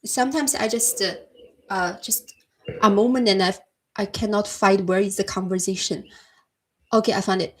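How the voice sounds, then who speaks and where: A woman from China with a Chinese accent, hosting a casual livestream chat and answering viewers' comments in a soft-spoken way, often calling them her friend. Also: mid-range voice, fairly even intonation, normal speed, pauses often. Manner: soft-spoken, frequent restarts and laughs, addresses viewers as my friend. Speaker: livestream host.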